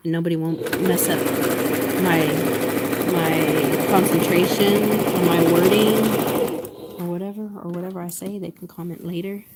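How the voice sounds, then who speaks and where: A woman's voice: lowish voice, fairly even intonation, unhurried. Chatty woman muttering while sewing. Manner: chatty, muttering to herself, laughs a lot. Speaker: quilting vlogger. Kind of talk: casual talk to herself while sewing. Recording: sewing machine noise behind.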